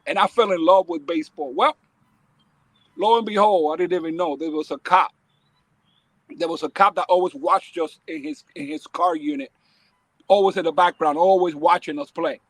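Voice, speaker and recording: A man's voice: sits high, normal speed, gravelly, dry recording. A man from the Dominican Republic telling his life story as a podcast guest, acting out the people in it. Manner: lively, acts out voices in his stories. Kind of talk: animated storytelling.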